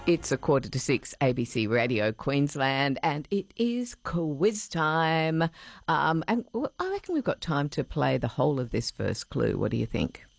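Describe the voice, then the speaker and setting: An Australian woman hosts a radio show in a loose, playful chat. Her voice has a slight gravelly edge, and faint music sits under the broadcast sound. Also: low-pitched, big pitch swings. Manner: chatty, playful, drawn-out filler sounds. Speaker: radio host.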